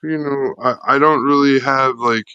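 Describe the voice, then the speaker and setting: A man in his forties, a guest in a casual chat, talking in a halting, hesitant way full of fillers. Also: medium pitch, steady tone, pushed and bright, clean tone, no room sound, muffled recording.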